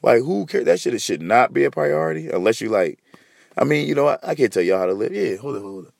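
A man's voice: mid-range voice, big pitch swings, fairly quick, vocal fry, darkish tone, no echo. A man hosting a podcast in a heated, profane, repetitive rant. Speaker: podcast host.

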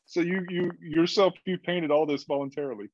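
A man's voice: on the high side, fairly even intonation, a little fast, a little mellow, no echo, muffled recording. A man playing in a tabletop game, talking in a casual, joking way. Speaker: player. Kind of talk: casual tabletop role-play.

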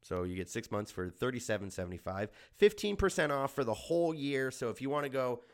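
A man's voice: medium pitch, expressive, a little fast. A young adult man from Germany hosting a comedy podcast, riffing crudely and sarcastically. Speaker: podcast host.

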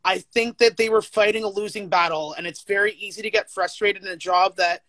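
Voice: medium pitch, fairly even intonation, a little fast, a bit bright, no echo. A teacher as a guest in a casual chat, talking candidly with frequent swearing and filler words. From United States.

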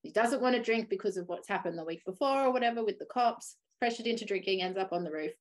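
A woman's voice: mid-range voice, quick pace. Blunt, sweary woman. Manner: blunt, sweary, laughs often. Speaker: podcast co-host. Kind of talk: casual chat.

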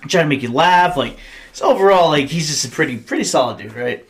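A man's voice: on the high side, expressive, fast talker. A young adult man, a podcast host telling blunt, profanity-laced stories in casual chat.

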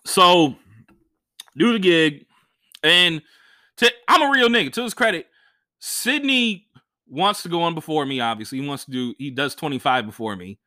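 A man, a stand-up comedian, telling a profane story in a casual, animated way and acting out what other people said. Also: on the high side, normal speed, pauses often, no room sound, studio quality.

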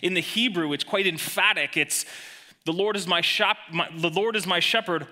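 Male pastor, sermon delivery, very bright tone, emphatic with hushed drops. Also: high voice, moderate pace. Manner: emphatic, swings between raised emphasis and hushed lines.

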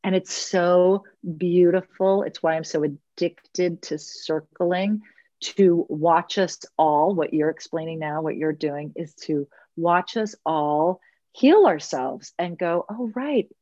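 A woman with a lowish voice talks about her circle work in a slow, earnest way, leaning on the words that matter to her. The sound is dry and a little dull, like remote audio. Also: dark tone, no room sound. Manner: earnest, unhurried, stretches key words. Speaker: guest, leads women's circles. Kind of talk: reflective podcast conversation.

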